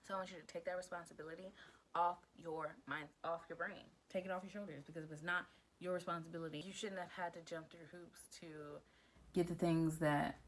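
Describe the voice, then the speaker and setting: A woman vlogger speaks straight to her viewers in a relaxed, chatty way, pressing her points with repeats and calling them girl and babe. Her voice sits fairly low, with a faint hum of room sound behind her. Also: poor audio. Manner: glances down at written notes. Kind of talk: casual advice talk to camera.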